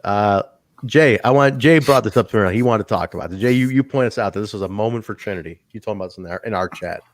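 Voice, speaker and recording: A man's voice: lowish voice, fast talker, dry recording. A man hosting a casual podcast, swearing freely and laughing through his anecdotes. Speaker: podcast host.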